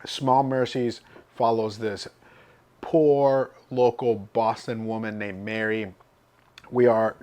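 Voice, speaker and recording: A man's voice: medium pitch, a bit bright. A man with a mid-range voice chats about books he has been reading. He sounds enthusiastic and talkative, in a casual vlog-style review. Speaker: book vlogger.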